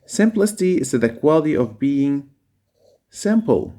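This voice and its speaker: A man's voice: medium pitch, big pitch swings, mellow. Man explaining a reading passage. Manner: reads a passage aloud and explains words, with many pauses and fillers. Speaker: teacher.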